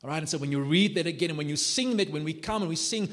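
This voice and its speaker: A man preaching a sermon with passionate, animated delivery and a slightly higher voice for a man. His words build to emphatic peaks and ring out with a long reverb through a church hall. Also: quick pace, few pauses. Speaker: pastor.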